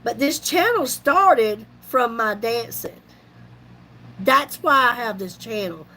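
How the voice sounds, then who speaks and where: A woman's voice: fairly high pitch, slow pace, rough recording. A woman, telling a folksy story to her vlog viewers. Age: 50s. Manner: chatty, folksy, animated retelling with laughs. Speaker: YouTube vlogger.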